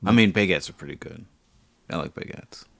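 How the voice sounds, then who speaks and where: Comedy podcast co-host, a man, low dry voice, playful deadpan teasing. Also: a little fast, gravelly, no echo. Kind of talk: improvised comedy chat.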